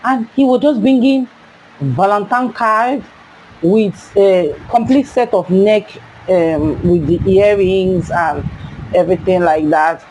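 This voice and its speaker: A young woman with a Nigerian accent tells a personal story in a casual, lively way. Her voice jumps up high when she acts out her younger self. Faint background noise sits behind her. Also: slow, poor audio.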